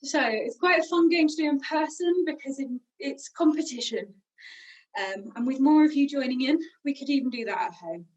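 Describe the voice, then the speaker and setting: A woman with a British accent leads a group warm-up game over a video call, moving around the room and slightly out of breath as she gives instructions. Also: high voice, lively intonation, moderate pace, dull audio. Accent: British English. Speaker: singing workshop leader. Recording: voice from a distance from the mic.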